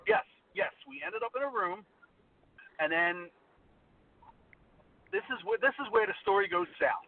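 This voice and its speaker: A man calling in to a radio show, telling a long story in a loose, animated way, laughing and acting out the other people in it. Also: sits high, measured pace, no room sound. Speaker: caller. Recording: tinny phone line from far off.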